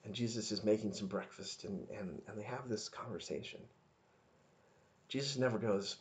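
A man's voice: fairly low pitch, moderate pace, a little mellow. A man giving an informal devotional talk, earnest and conversational, often stopping and restarting his sentences. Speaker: podcast devotional speaker.

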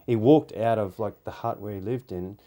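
A man's voice: fairly low pitch, normal speed, dark tone. A man, telling rambling anecdotes in a casual, easygoing podcast chat.

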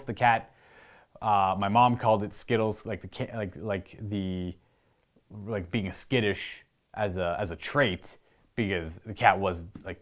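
A man's voice: on the low side, a bit bright. A young man with an Ontario Canadian accent, hosting and rambling casually through viewer questions. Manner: rambling, chatty, with frequent restarts and asides. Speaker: host answering viewer questions. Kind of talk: casual chat to camera.

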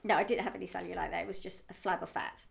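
A woman co-hosts a relaxed podcast. She tells her stories chattily and giggles often. Her voice has a gravelly fry. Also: lowish voice, racing. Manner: chatty anecdotal storyteller, giggly. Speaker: co-host. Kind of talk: casual chat.

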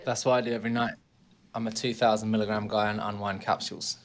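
A man's voice: lowish voice, level tone, quick pace. Jokey male podcast co-host. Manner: jokey, playful asides. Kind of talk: casual podcast chat. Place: office.

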